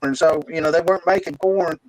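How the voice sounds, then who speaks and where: A man's voice: a little high, steady tone, brisk, a little mellow, poor audio. A man in casual podcast chat, skeptical and hesitant, his audio breaking up. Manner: skeptical, hesitant, full of fillers. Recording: breaking-up mic with chatter behind.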